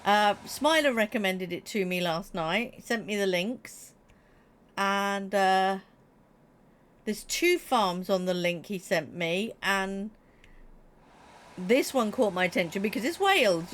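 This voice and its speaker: A woman chatting casually with her viewers during a live stream, animated and quick to laugh. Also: medium pitch, slight background noise. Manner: chatty and animated, laughing, talking straight to chat. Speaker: Twitch streamer.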